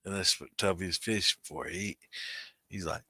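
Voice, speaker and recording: A man's voice: low-pitched, normal speed, sharp tone, husky. A man, hosting a livestream in rambling, profane casual chat and calling out viewers by name. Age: 60s. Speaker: host of a moonshine livestream.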